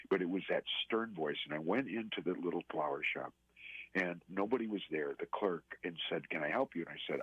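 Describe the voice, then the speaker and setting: Man, low raspy voice, dry tinny phone sound, earnest storytelling, halting restarts. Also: dry recording. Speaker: radio interview guest. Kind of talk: personal storytelling in a radio interview.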